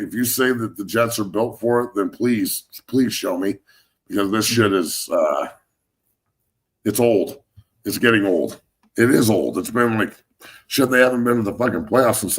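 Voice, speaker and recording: This ex-football player turned sports talk host speaks at normal speed in a fairly low-pitched voice. He rambles, speaks bluntly and swears nonstop.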